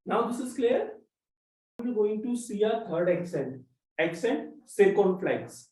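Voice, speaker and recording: A man's voice: sits high, sing-song, a little slow, a little mellow. A man teaching a class, explaining step by step and spelling out letters one at a time. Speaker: French teacher. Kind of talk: classroom lesson. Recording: roomy echo, mic at a distance.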